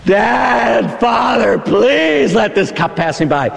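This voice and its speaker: A man voicing Jesus as an anguished grown man pleading with his father, breaking into shouts, in a long church reverb. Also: high-pitched, sing-song, moderate pace, pitched above the performer's own voice.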